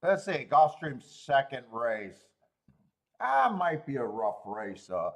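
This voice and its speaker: A man hosting a horse racing betting livestream, thinking aloud through the odds and cracking himself up with loud bursts of laughter. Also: medium pitch, big pitch swings, a little slow. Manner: thinks aloud, laughs at his own jokes; loud bursts when amused. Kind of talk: casual livestream handicapping commentary.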